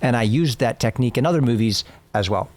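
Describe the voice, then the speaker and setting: A middle-aged man earnestly recounting an acting experience, animated and self-deprecating, as host reacting to his old clips. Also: medium pitch, fast. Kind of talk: casual storytelling.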